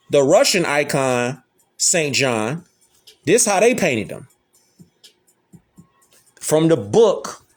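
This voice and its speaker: A man hosting a casual lecture, talking emphatically in slangy street talk and repeating rhetorical questions. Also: on the high side. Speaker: host. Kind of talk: casual lecture showing images.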